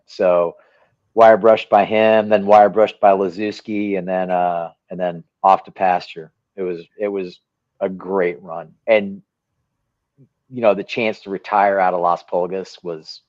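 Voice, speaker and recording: A man, a retired Marine officer, talking casually in a rambling, halting way with many restarts. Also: deep voice, little pitch movement, no echo, dull audio. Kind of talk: casual conversation.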